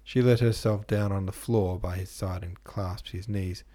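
Low, husky male audiobook narrator. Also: steady tone, normal speed, mellow. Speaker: audiobook narrator and podcast host. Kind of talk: scripted literary narration.

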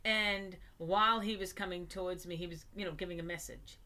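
Female interview guest, bright forceful tone, hesitant delivery, lots of ums. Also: lowish voice, fairly even intonation. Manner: hesitant, halting with many fillers. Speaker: guest psychic medium. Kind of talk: conversational interview.

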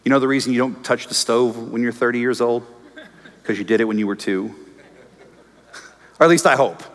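A pastor preaching a sermon, animated and storytelling, acting out his own prayers and arguments with the crowd. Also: mid-range voice, fairly quick, in a large hall. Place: church auditorium.

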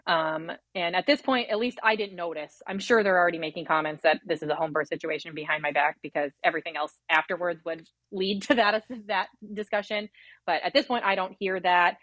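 A woman in her thirties, her voice on the low side, steady and fairly bright, tells how she gave birth, with no echo around her. Quick and rambling, she leans on fillers and plays out her inner quotes, making it an emotional piece of personal storytelling.

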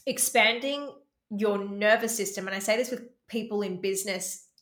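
A woman's voice: mid-range voice, normal speed, a bit bright. A woman podcast host and coach, speaking in an affirming, conversational way and often tagging her points with "right?". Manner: affirming, tags sentences with "right?". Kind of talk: casual conversational interview. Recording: echoey room.

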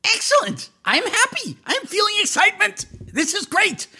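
A man puts on a pompous little kobold king for a tabletop game, his voice pitched high and swooping as he makes grand, gushing proclamations. He sounds bright and eager, delighted with his own importance. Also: wildly swooping pitch, normal speed, exaggerated voice. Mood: pompous excitement.

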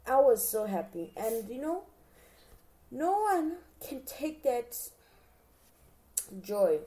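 A woman's voice: fairly high pitch, warm tone. A young woman in casual reaction chat, talking straight to her viewers and acting out her own reactions with gushing emotion. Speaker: vlogger reacting to a TV series.

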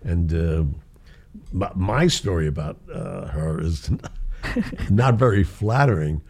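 A man's voice: low voice, takes it slowly, creaky, a little hiss or hum. An older man casually telling show-business stories, acting out the voices in them and often laughing. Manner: animated storyteller who acts out quoted voices and laughs often. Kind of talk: casual anecdote.

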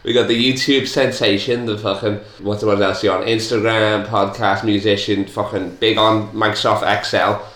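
A man's voice: lowish voice, little pitch movement, fairly bright tone. Joking podcast host man, roomy sound. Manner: crude, joking, fast teasing. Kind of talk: casual comedic podcast banter. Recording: roomy echo.

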